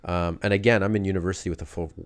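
A man casually recounting his fighting days in a loose, animated way, full of fillers. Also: deep voice, very fast. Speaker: guest telling fight stories. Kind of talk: casual conversational storytelling.

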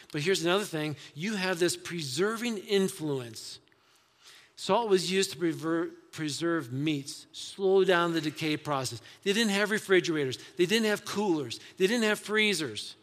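A man's voice: a little high, moderate pace, a bit bright, in a large hall. A man preaching a sermon in a conversational way, asking the congregation rhetorical questions. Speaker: pastor.

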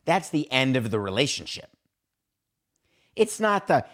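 A man hosts a sports talk podcast in a medium-pitched voice, delivering an opinionated monologue. He speaks emphatically and acts out imagined exchanges between teams and players with sharp swings in pitch. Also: big pitch swings, a little slow. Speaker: podcast host.

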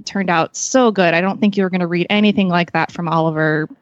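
A woman's voice: fairly low pitch, steady tone, a little fast, dry recording, lo-fi sound. A woman chatting as a podcast guest, rambling with many fillers and calling herself awkward. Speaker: podcast guest, magazine staffer. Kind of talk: casual chat.

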